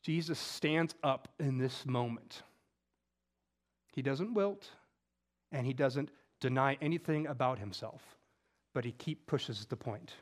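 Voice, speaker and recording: A man preaching a conversational sermon, acting out scripture quotes and moving between loud emphasis and hushed, intimate moments. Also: medium pitch, takes it slowly, pauses often. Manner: conversational, with casual slang.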